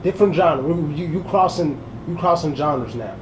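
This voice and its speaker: High-voiced male host, echoey room. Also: animated, moderate pace, noisy background. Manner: easygoing, joking, laughs often. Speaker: host, interviewer. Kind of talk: casual interview chat.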